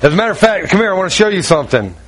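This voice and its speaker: Middle-aged preacher guy, kinda high voice, acts out all the dialogue in his sermon story. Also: sing-song, rapid-fire, fairly bright tone.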